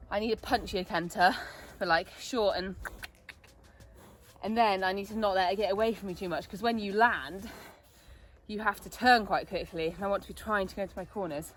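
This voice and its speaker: A woman's voice: medium pitch, normal speed, slight background noise. A young woman chatting casually in a vlog, self-mocking and a bit breathless as she rides in an outdoor arena. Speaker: vlogger and rider. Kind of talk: casual vlog chat while riding. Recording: music playing behind.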